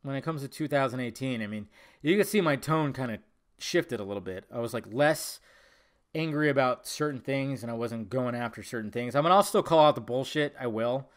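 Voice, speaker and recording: A man hosts a solo podcast in a loose, rambling monologue. He swears freely and laughs often. His voice sits at a medium pitch. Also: a little fast. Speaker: podcast host.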